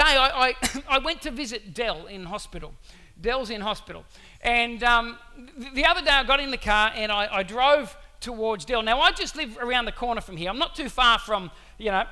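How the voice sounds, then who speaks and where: A man preaching a sermon, telling a story in an animated way with asides to the congregation. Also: very high voice, clean tone. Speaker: pastor.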